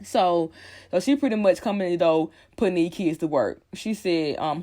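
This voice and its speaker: A woman's voice: sits low, normal speed, warm tone. A woman vlogger giving a casual, profanity-laced recap of a TV episode, talking animatedly with lots of fillers.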